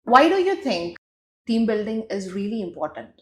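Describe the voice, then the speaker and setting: A woman's voice: mid-range voice, sing-song, moderate pace, fairly bright tone. Polite woman interviewer in an echoey room. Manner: polite, encouraging, frequent short acknowledgements. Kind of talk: business interview questions.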